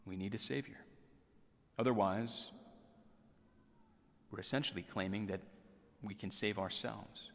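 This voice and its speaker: Guy preaching a sermon, kinda low voice, earnest and measured, long echo trailing off. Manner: measured, earnest preaching with softly repeated scripture lines. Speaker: priest.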